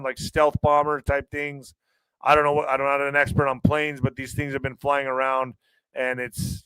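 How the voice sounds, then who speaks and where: Livestream host, middle-aged man, weary and strained, earnest rambling delivery, smooth voice in a dry room. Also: mid-range voice, fairly bright tone, no echo, rough recording. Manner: rambling, earnest, halting with restarts. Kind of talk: casual livestream chat reading viewer comments.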